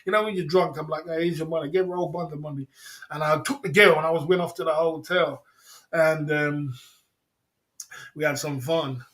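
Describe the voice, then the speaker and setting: A man's voice: a little high, steady tone, a little fast, pauses often, fairly bright tone. A man hosting a livestream, telling rambling stories between laughs in casual chat. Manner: reads viewer comments aloud. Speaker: livestream host.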